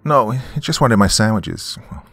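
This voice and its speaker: A man voicing a frightened thirteen-year-old girl in a horror story, pleading and pitched up. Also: expressive, measured pace, fairly bright tone, dry recording, full character voice. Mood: worried.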